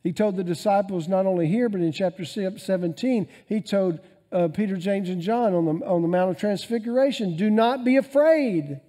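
A male pastor preaching a sermon, swinging between loud emphasis and quiet asides. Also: high-pitched, brisk.

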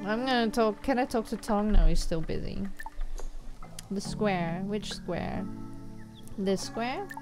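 A woman's voice: mid-range voice, takes it slowly, pauses often. A woman with a Dutch accent giving casual let's play commentary, chatty and giggly, who reads the game's dialogue aloud. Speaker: gameplay streamer. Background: game music.

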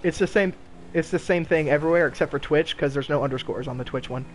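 Young man, gaming streamer, casual commentary, loud and profane, fairly high voice, faint noise behind. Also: fast. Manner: loud, profane, laughing, trash-talking.

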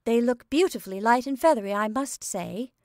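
A woman's voice: a little high, lively intonation, fairly quick, warm tone, no room sound, studio quality, voice pushed up. A woman reading a story aloud, voicing a practical, effusive younger sister. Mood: gushing.

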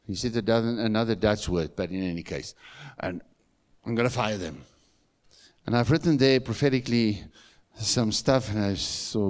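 A man's voice: lowish voice, moderate pace, pauses often. A middle-aged man with a South African accent, preaching a sermon in a church and telling stories with emphatic, rising calls. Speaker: pastor.

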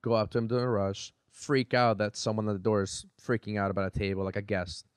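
A man's voice: on the low side, level tone, quick pace, clean tone, no room sound, clean studio sound. A man telling a story in casual chat as a podcast guest, acting out the quotes with animation.

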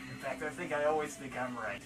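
A man's voice: medium pitch, fast, music in the background, natural voice. A man voicing a boastful male cartoon echidna hero with self-satisfied quips in a played video. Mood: smug.

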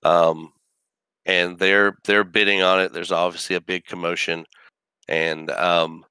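A man's voice: sits low, level tone, a little slow, pushed and bright, clean tone, no room sound. A man narrating a tabletop game as game master, describing scenes with many restarts.

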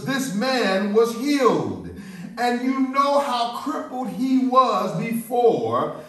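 Excitable preacher with a high echoey voice. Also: male voice. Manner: excitable, repeats words and restarts. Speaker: pastor. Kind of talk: sermon. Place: church sanctuary. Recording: echoey room, mic at a distance.

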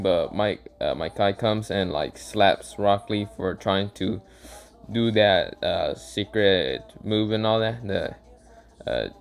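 A man with a fairly low voice loosely retelling a made-up story. He rambles, fills gaps with "uh" and "like," and keeps tripping over names before correcting himself. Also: darkish tone. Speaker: YouTube storyteller. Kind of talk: casual improvised fan-fiction retelling.

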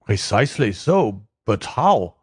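A man's voice: on the low side, big pitch swings, a little slow, slightly rough, no room sound, studio quality, heavily acted. A man doing a proud, anxious king. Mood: formal.

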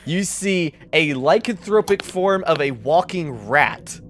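A man narrating a tabletop role-playing game as game master, casual and quick to laugh. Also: a little high, lively intonation, a bit bright, slight background noise.

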